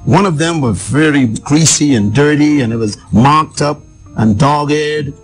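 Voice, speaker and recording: Male guest, fairly high voice, dramatic storyteller, soft music underneath. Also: a little slow. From Bahamas. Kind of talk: personal storytelling.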